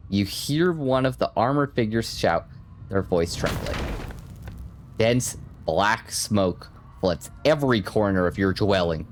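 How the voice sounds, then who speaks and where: A man playing a game on his channel, reading the story text dramatically and breaking off into profane joking asides. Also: mid-range voice. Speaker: gaming creator. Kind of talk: gameplay commentary, reading story text aloud.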